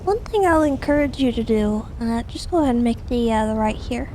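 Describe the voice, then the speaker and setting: Young woman, friendly instructor role-play, hesitant fillers, higher voice. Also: lively intonation, a little fast, background noise. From Washington state, USA. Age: 20s. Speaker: driving school instructor in a role-play game. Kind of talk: in-character role-play chat.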